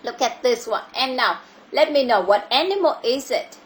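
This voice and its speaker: A woman's voice: fairly high pitch, expressive, moderate pace, slight background noise. A woman with a Vietnamese accent teaching a child English over a video call, patiently repeating her questions. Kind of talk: online English lesson for a child.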